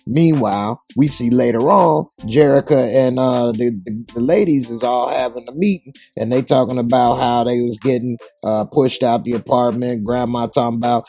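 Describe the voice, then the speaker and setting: A man's voice: medium pitch, moderate pace, hardly any pauses, mellow, soft background music. A man casually recapping a TV episode, retelling scenes in slang and acting out the characters' lines. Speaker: TV show reviewer.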